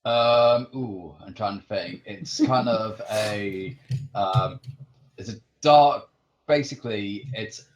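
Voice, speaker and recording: A man's voice: on the low side, slow, highs cut off. A man at a tabletop game, describing part of the setting while thinking aloud. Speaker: player and world builder. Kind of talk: casual tabletop chat.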